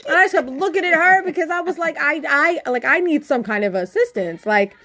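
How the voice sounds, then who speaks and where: A woman podcast co-host in casual chat, telling stories in a chatty, expressive way. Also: sits high, a little fast, crowd noise.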